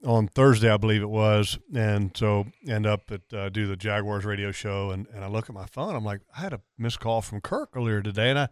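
A man's voice: lowish voice, a little fast, hardly any pauses, smooth, no room sound. A man hosting a radio talk show, chatting casually and talking over his co-host. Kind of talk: casual chat.

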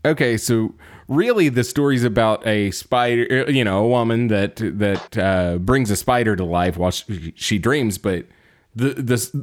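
A man casually chatting about a film on a podcast, laughing often and rambling with fillers. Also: medium pitch. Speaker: podcast host reviewing a film. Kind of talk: casual chat.

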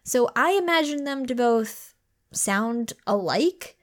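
A woman's voice: a little high, animated, slow pace. Gushing, chatty woman co-host. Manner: gushing, chatty, laughs often. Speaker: podcast co-host. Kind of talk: casual book chat.

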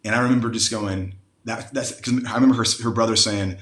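A man's voice: lowish voice, steady tone, fast talker, fairly bright tone. Earnest man telling his testimony, roomy sound. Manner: earnest, heartfelt storytelling. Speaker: guest panelist, Christian musician. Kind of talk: personal testimony on a live panel.

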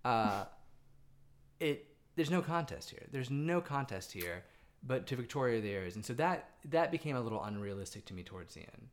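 A woman's voice: a bass voice, expressive, moderate pace. A woman co-hosting a casual film review chat, with playful asides. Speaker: podcast co-host.

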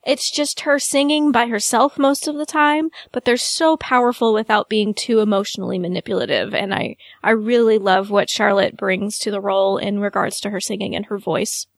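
Woman, podcast co-host, gravelly, high-ish pitch, dry sound. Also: fairly even intonation, moderate pace, hardly any pauses, no echo. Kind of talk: casual chat.

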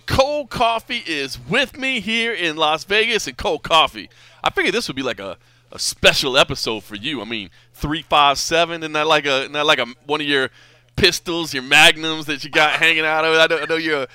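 A man's voice: on the high side, expressive, moderate pace, pushed and bright, clear, resonant tone, no echo. A man hosting a podcast in casual chat, teasing his co-host playfully and restarting his sentences often. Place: indoors, at a home.

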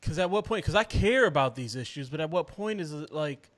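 A man co-hosting a podcast in casual chat, laid-back and swearing, dropping lower when he is dismissive. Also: animated, fairly quick, a bit bright. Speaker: podcast co-host.

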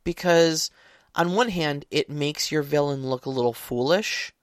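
Podcast dude, bit higher voice, talks in loose restarts, dry mic. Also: male voice, measured pace, no room sound. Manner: rambling, restarts often, emphatic. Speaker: podcast co-host, larp player. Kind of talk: casual podcast chat.

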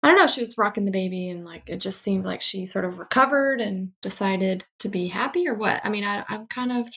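A woman's voice: mid-range voice, fairly quick, sharp tone. A woman in her thirties co-hosting a podcast, chatting casually about a TV episode, filling her talk with "like" and acting out quotes. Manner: chatty, many "like" fillers, acts out quotes. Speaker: podcast co-host. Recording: dull lo-fi recording.

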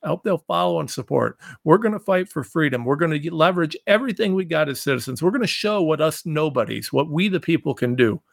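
A man's voice: fairly high pitch, animated, fast talker, creaky, few pauses, no room sound, clean studio sound. A man from Ohio hosting his own show, delivering a combative, repetitive political rant straight to his listeners. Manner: combative, ranting, repeats himself. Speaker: show host. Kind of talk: fiery political monologue.

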